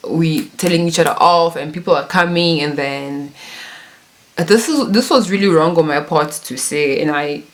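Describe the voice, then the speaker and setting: A woman's voice: sits low, moderate pace. A woman in her twenties telling a casual story, chatty and self-mocking, laughing often. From Congo and South Africa. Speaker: YouTuber.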